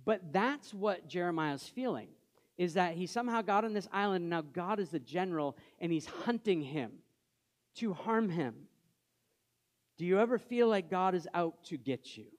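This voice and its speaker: Speaking at a normal speed in a high voice with lively intonation, a male pastor gives a conversational sermon. He asks the congregation questions and lowers his voice for scripture readings.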